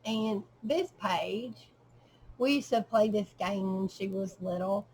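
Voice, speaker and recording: A middle-aged woman showing a handmade journal in casual show-and-tell narration, at an unhurried pace with frequent ums and trailing pauses, at home. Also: medium pitch, a little mellow, slight background noise, rough recording.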